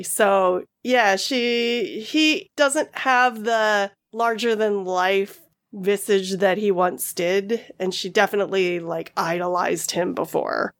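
Slow-talking woman player. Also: mid-range voice. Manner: reflective, with fillers and restarts. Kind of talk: describing her character in a tabletop game.

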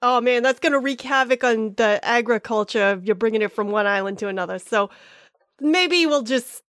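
Woman as tabletop player, loose and joking, higher voice, dry sound. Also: normal speed, fairly bright tone, no echo. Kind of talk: casual role-play as player.

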